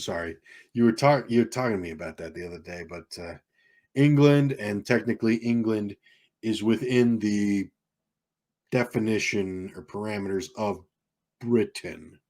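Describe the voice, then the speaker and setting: A young man with a Southern American accent and a deep baritone voice, chatting casually on a live stream, reading viewer comments aloud and rambling with frequent chuckles. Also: normal speed, darkish tone. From South Carolina, USA. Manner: rambling, chuckles often, reads chat aloud.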